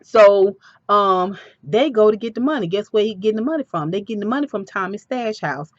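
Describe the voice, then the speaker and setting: A woman giving a casual, animated recap of a TV episode with personal asides. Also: medium pitch, fairly quick, dry recording, dull audio.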